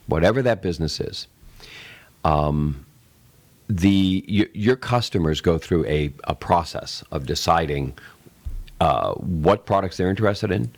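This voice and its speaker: A middle-aged man co-hosting a casual tech podcast, rambling as he explains with acted-out sales examples. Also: low-pitched. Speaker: tech show co-host.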